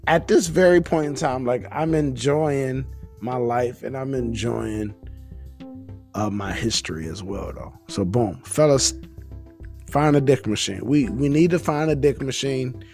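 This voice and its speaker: Tipsy man with a gravelly voice. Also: medium pitch, unhurried, a little mellow, faint music behind. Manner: rambling, profane, laid-back. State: a little intoxicated. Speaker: podcast host. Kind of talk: casual rambling monologue.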